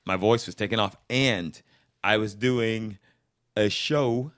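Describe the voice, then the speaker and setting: A man's voice: on the low side, takes it slowly, a bit bright, no room sound, studio quality. A middle-aged man, an actor, chatting as a podcast guest and telling stories in a joking, playful way. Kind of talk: casual interview chat.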